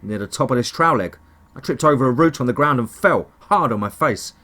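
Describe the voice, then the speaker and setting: A man's voice: medium pitch, animated, a little fast, pushed and bright. A man narrating a first-person horror story in a dramatic, tense storytelling manner.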